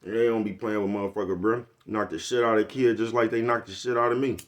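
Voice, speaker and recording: A man's voice: fairly low pitch, steady tone, fast talker. Blunt older man preaching tough love. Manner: blunt, preachy, profane street talk. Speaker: vlogger. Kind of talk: casual motivational monologue.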